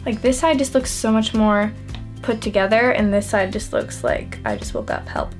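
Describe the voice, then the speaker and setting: A woman's voice: mid-range voice, normal speed, faint music behind. A young adult woman chatting through a makeup routine, self-deprecating and filling her talk with "like". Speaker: beauty vlogger. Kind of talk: casual makeup tutorial chat.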